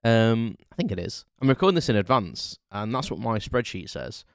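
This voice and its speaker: A man with a lowish voice talks through an unscripted podcast monologue, rambling along with plenty of ums and false starts. The sound is dry and close, with no room around it. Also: big pitch swings, moderate pace, no room sound. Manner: rambling, chatty, lots of ums and restarts. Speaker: podcast host.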